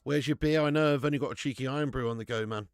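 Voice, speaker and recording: A young man talks through a live football match for his stream viewers. He gets excitable, swears casually and reads chat comments aloud. His mid-pitched voice sounds dry and close, with no room echo. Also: fast talker.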